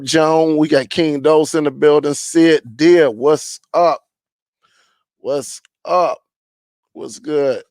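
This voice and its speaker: A man hosting a casual live stream chat, greeting viewers and reading their comments aloud in a relaxed, rambling way with many fillers. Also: medium pitch, no echo.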